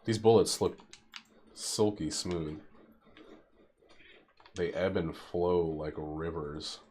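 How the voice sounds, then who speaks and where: A man's voice: low-pitched, slow, a little mellow, a little hiss or hum. A young man streaming a game, rambling and joking profanely as he plays. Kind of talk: casual gameplay commentary.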